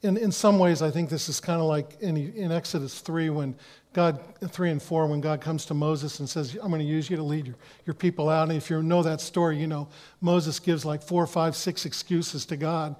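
A man preaching a sermon in an earnest way, often restarting phrases and dropping to a hush for quoted words. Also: on the high side, fairly even intonation, moderate pace. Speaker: pastor.

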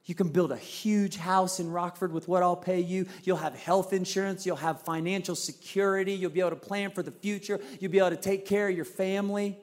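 A middle-aged male pastor preaches in a casual, storytelling way. His voice sits fairly high, and he shifts his voice to act out the people he quotes. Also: steady tone, a little fast, hardly any pauses. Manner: conversational, acts out quotes with shifts in voice. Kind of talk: sermon with personal story.

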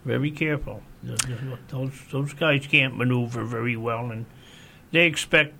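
A man in casual chat giving measured, cautionary advice with some stammered restarts. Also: medium pitch, vocal fry, pushed and bright, a little hiss or hum. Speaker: fellow sailor in conversation.

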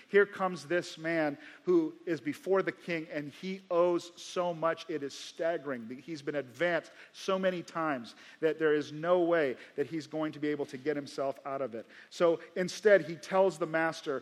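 Man, pastor, sermon, slightly high voice, emphatic repetition, long church-hall reverb. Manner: emphatic, repeats key phrases slowly. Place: church sanctuary before a congregation.

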